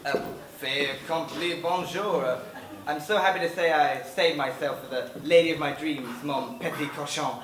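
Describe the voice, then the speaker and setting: An actor on stage playing a smug, scheming young gentleman who mangles French phrases. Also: a little high, moderate pace, lightly acted. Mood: boastful. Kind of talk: amateur stage acting. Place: theatre stage. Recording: distant, echoey hall with loud noise.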